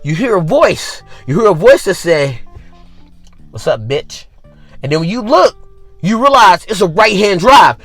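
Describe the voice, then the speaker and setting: A man's voice: high voice, normal speed, no room sound, soft background music. A man hosting a podcast, telling a comic story as an exaggerated rant full of repeated asides. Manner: animated, exaggerated, repetitive asides. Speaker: podcast host.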